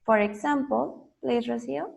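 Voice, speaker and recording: Slow, gravelly-voiced woman teacher. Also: fairly high pitch, darkish tone. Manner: slow, patient, drills pronunciation with students. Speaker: English teacher. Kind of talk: online language lesson.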